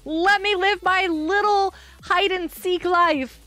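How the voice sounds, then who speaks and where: Giggly high-voiced woman streamer. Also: fairly even intonation, slow, pushed and bright, dry recording. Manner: giggly, chatty, reading chat aloud. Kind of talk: live game stream chat.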